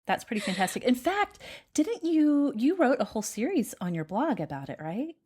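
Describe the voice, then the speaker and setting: A woman's voice: high-pitched, very animated, normal speed, a little mellow, breathy edge. A woman in her thirties hosting a podcast interview, chatty and encouraging. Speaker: podcast host.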